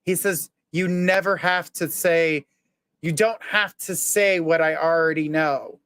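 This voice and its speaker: A man's voice: fairly high pitch, steady tone, a little slow, fairly bright tone, clear, resonant tone, no room sound, clean studio sound. A man hosting a live psychic reading, earnestly relaying messages and reassurance. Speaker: psychic medium host.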